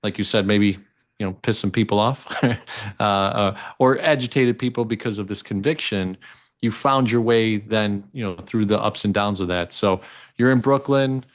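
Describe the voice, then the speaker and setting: A male interview host with a fairly low voice. He asks his questions in a loose, meandering way, stopping and restarting as he searches for words. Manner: rambling, halting questions full of restarts.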